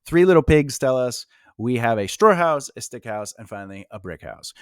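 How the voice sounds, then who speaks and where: A man's voice: mid-range voice, expressive, moderate pace, smooth, no echo, studio quality. A man teaching writing in a loose, rambling style, talking casually with fillers and restarts. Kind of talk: casual instructional talk.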